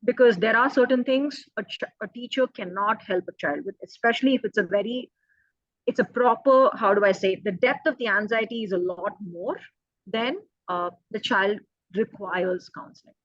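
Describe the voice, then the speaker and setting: A woman's voice: medium pitch, normal speed, no room sound, lo-fi sound. A woman child psychologist giving earnest, emphatic advice in a panel talk, repeating her key points.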